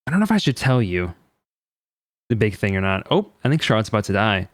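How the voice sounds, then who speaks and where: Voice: mid-range voice, big pitch swings, fast, no echo. A streamer giving casual, rambling commentary while playing a game. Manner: offhand, rambling asides.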